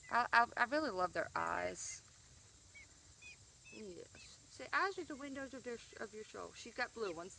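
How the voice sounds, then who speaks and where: Chatty bright-voiced woman outdoors. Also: on the high side, gravelly, far from the mic, slight background noise. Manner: chatty, rambling with fillers and restarts. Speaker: backyard chicken keeper vlogger. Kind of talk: casual chat to camera. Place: outdoors by a chicken coop.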